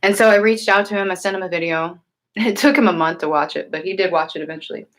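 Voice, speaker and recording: A woman's voice: on the low side, quick pace. A woman hosting a casual livestream, talking earnestly and rambling with many fillers and restarts. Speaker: livestream host and tarot reader. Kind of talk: casual livestream chat answering viewers.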